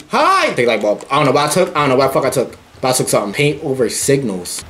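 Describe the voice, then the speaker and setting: A man giving loud, profane commentary on a horror game, yelping at scares and talking back to the characters. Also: medium pitch, quick pace, hardly any pauses, background noise. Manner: excitable, profane, yelps at jump scares. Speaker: gaming YouTuber.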